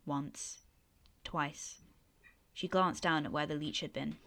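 A woman reading her own story aloud in a steady, even voice, then chatting about it. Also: deep voice, takes it slowly. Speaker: author and reader.

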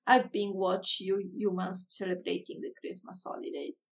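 A woman's voice: medium pitch, little pitch movement, moderate pace, gravelly, distant mic, natural voice. Woman doing a timid, gloomy household ghoul. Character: lonely timid household ghoul, sulky and pleading.

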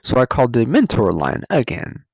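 A podcast host from California tells a story as a profane, sarcastic rant, now and then laughing at his own story. His voice sits at an ordinary pitch for a man. The sound is dry and close, with no room around it. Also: huge pitch swings, normal speed, no room sound. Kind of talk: casual ranting monologue.

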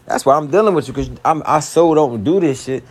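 This vlogger's voice runs on the high side and fairly quick. With a Philadelphia accent, the young man pours out a profane, slangy rant at his girlfriend, going from pleading to exasperated.

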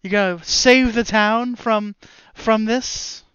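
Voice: mid-range voice, steady tone, takes it slowly, fairly bright tone, clear, resonant tone, no room sound, highs cut off, pitched above the performer's own voice. A game master voicing a scheming tower wizard who talks down to the party with menace and contempt. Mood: sneering.

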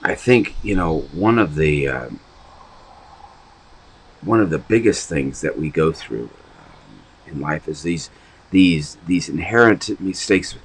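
A man's voice: low-pitched, animated, slow pace, long pauses, a little hiss or hum, poor audio. A man giving an informal, rambling sermon on a podcast, talking conversationally with many restarts. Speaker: preacher.

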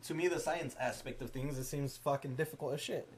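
A laid-back man talking casually on a podcast, blunt and quick to swear. His voice sits at an ordinary middle pitch, and his delivery stays easygoing and unpolished. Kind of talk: casual chat.

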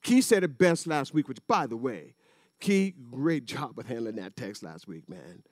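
A middle-aged pastor, preaching a sermon in a chatty storytelling way that builds to emphatic peaks. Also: male voice, mid-range voice, very animated, measured pace, no echo, clean studio sound.

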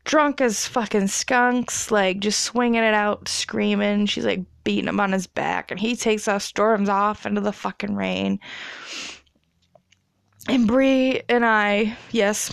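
Young woman vlogger, gravelly but smooth voice, dry close sound, swears and laughs through a long story. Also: medium pitch, no echo. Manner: rambling, profane, laughing often. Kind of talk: casual storytime.

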